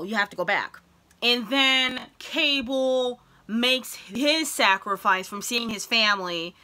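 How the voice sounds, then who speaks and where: A young woman vlogging a casual film review, retelling scenes with lots of fillers and rising into excited outbursts. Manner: excited retelling with many fillers, voice jumps high when worked up. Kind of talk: casual chat.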